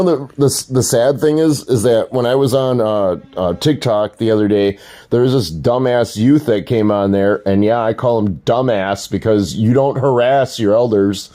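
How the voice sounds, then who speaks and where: A man's voice: medium pitch, dark tone. An older man ranting crudely and mockingly to his livestream viewers, laughing at his own jokes. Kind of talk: casual livestream rant.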